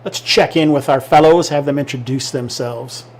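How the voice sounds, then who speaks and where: A man's voice: medium pitch, moderate pace. A man hosting a tabletop game livestream, chatty and upbeat, often laughing. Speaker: game master and stream host. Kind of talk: casual livestream introduction.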